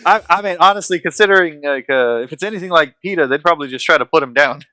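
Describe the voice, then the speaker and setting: A man's voice: fairly high pitch, animated, quick pace, pushed and bright, dry recording. A young man chatting casually on a podcast, wry and matter-of-fact. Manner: wry, explains things matter-of-factly. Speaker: vtuber guest.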